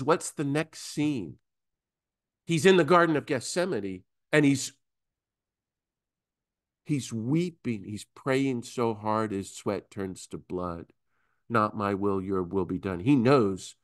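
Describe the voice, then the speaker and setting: Animated male priest teaching scripture. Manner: animated, acts out disciples in high voices. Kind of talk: Bible teaching talk.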